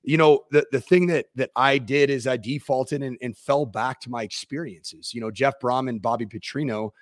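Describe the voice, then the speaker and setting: A man's voice: medium pitch, fairly even intonation, normal speed, no room sound, clean studio sound. A man who is a former football coach, co-hosting a casual sports chat, reflective and self-deprecating, laughing easily.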